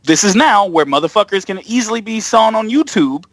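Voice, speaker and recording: Animated, profane man telling a story. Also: sits high, a little fast, no room sound. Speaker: podcast guest. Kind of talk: casual chat.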